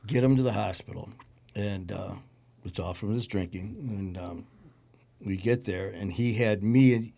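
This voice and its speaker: A man with a Detroit accent, a podcast guest recounting a personal story in a low-key, conversational way. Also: unhurried, warm tone. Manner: gravelly, low-key storytelling with acted quotes.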